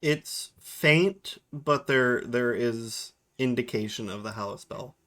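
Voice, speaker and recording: A man's voice: medium pitch, slow pace, a bit bright. A man, game master, narrating a tabletop game and often restarting his sentences. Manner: hesitant, restarts often while describing. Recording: music bed under voice.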